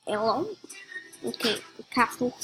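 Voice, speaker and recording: A woman giving casual gameplay commentary as a channel host, excitable and repeating the same phrases over and over. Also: fairly high pitch, unhurried, poor audio. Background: game music.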